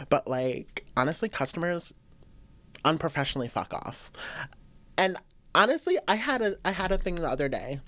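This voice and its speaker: Blunt, lively woman podcast host venting. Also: low-pitched, dry recording. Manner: blunt, profane, emphatic storytelling. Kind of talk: casual solo podcast venting.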